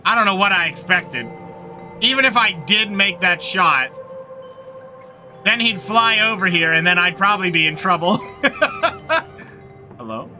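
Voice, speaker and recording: A man's voice: high-pitched, lively intonation, normal speed, bright, forceful tone, soft background music. A man commenting casually and jokingly as he plays a video game. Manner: playful, joking, reacts aloud. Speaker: let's play gamer.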